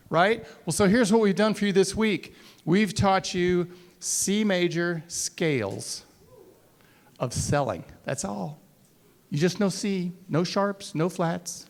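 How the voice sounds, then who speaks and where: Man, middle-aged, motivational speaker, storytelling, playful, acts out scenes, higher-pitched voice. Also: in a large hall. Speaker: motivational speaker to sales trainees. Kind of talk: animated storytelling talk to a live audience. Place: large hall before a college audience.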